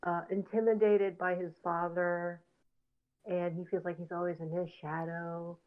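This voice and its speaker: A woman's voice: lowish voice, little pitch movement, measured pace. A woman co-hosting a casual podcast, talking in a rambling, opinionated way with lots of fillers. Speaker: podcast co-host. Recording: tinny phone-like line.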